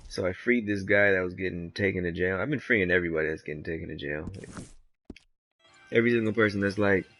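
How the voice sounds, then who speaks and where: A man with a lowish, gravelly voice talks through his gameplay in a loose, rambling way. He is laid-back and swears freely, drifting between the game and side stories. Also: fast, fairly bright tone. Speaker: gamer. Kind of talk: casual gameplay commentary.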